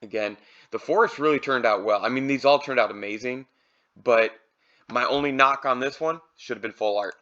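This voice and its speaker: A man's voice: medium pitch, normal speed, muffled recording. Casual man reviewing trading cards. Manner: relaxed, thinking aloud with fillers. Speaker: card collector reviewing products.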